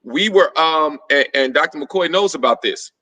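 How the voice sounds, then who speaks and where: A man hosting a casual book club discussion, telling stories in an animated way and acting out dialogue. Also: moderate pace, recorded from a distance, low-quality recording. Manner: animated storyteller, acts out dialogue with rising pitch. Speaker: book club host, personal trainer.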